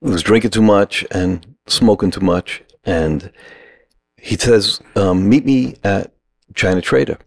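A middle-aged man from New York, casually telling a lively anecdote and acting out the quoted lines. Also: low-pitched, unhurried, creaky, no echo, clean studio sound. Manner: animated anecdote-teller, acts out quoted lines. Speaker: guest. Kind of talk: casual storytelling.

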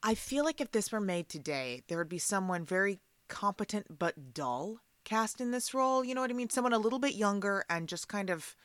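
A woman's voice: mid-range voice, lively intonation, a little fast, few pauses, fairly bright tone, no room sound. A woman who acts, chatting as a guest on a film podcast, opinionated and emphatic, often breaking off and restarting her sentences. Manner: opinionated, emphatic, self-interrupting. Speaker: guest, actor. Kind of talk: casual chat.

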